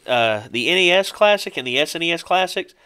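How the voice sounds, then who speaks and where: A man hosting a casual podcast, telling stories in a rambling, animated way with many fillers. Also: fairly high pitch, a little fast, clear, resonant tone. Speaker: podcast host. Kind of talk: casual chat.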